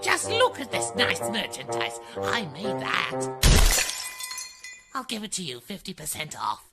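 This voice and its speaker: A woman voicing an eccentric hermit shopkeeper who pushes her wares with a sweeping sales pitch. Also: huge pitch swings, measured pace, full character voice. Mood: salesy. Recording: loud music underneath.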